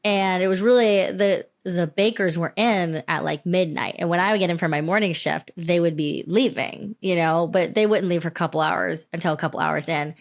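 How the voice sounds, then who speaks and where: A woman's voice: on the low side, moderate pace, gravelly, hardly any pauses. Chatty young woman podcast co-host. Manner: chatty, animated storytelling with frequent laughs. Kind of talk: casual chat.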